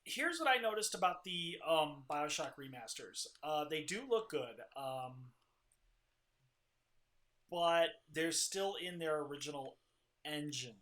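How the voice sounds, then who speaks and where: A man's voice: fairly high pitch, expressive, takes it slowly, sharp tone. A man co-hosting a casual gaming podcast, giving rambling, opinionated commentary on game news. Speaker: co-host.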